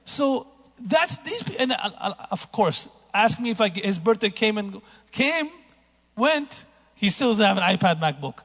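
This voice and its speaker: High-voiced man preaching in a reverberant hall. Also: sing-song, unhurried. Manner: storytelling, shifts between hushed and emphatic. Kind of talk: sermon.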